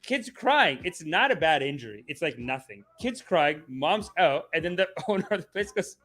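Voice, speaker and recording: Comedy podcast host, man, lively rambling slangy delivery, bright tone. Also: on the high side, normal speed, soft background music. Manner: animated, rambling, slangy, often laughing. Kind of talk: casual comedy livestream chat.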